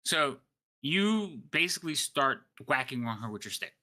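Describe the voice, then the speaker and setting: A man acting as game master in an online tabletop game, explaining rules quickly and laughing often. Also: mid-range voice, very animated, pushed and bright.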